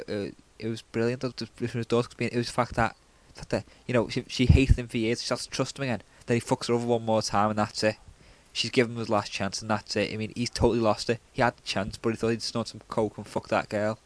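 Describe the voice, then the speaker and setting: A man's voice: mid-range voice, level tone, quick pace. A man chatting casually about films, stammering and repeating words as he goes, with some swearing.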